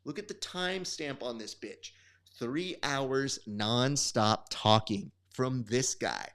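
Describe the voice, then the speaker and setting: A man's voice: mid-range voice, takes it slowly, fairly bright tone, clear, resonant tone. A young man hosting a live stream, giving sport commentary in casual, chatty, profane banter. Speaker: host.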